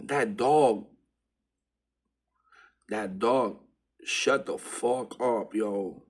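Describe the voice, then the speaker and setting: A man with a husky, breathy voice talks straight to camera in an easy, rambling vlog. He tells his story in loose street slang, slipping into hushed asides and then building into excited retellings. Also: on the low side, slow, long pauses. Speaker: vlogger. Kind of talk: casual spiritual storytelling monologue.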